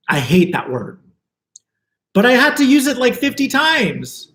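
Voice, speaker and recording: A man's voice: sits high, big pitch swings, measured pace, a bit bright, roomy sound. A man giving a live spiritual talk to his viewers, earnest and flowing, repeating words for emphasis. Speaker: spiritual teacher.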